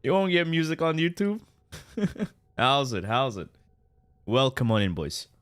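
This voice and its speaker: A man streams a game and talks to his viewers in a slow, easy drawl, tossing in jokes and restarting his sentences. His voice sits at an ordinary pitch and sounds dry and close to the mic. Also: expressive, fairly bright tone, no room sound. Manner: loose and joking, many restarts and "guys". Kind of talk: casual live-stream chat while playing.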